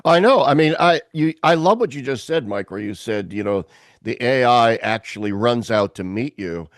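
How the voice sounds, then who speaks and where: A man hosting a podcast over a video call, telling animated stories, acting out voices and laughing often. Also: mid-range voice, moderate pace, dry recording, clean studio sound. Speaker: podcast host. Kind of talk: casual chat on a video call.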